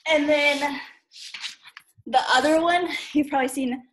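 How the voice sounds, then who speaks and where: A woman's voice: sits high, fairly even intonation, a little slow. A woman coach on a team video call. She talks in an enthusiastic, chatty way, full of "um" and "like," and sounds out of breath. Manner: enthusiastic, chatty, many fillers like "um" and "like". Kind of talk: casual video call chat.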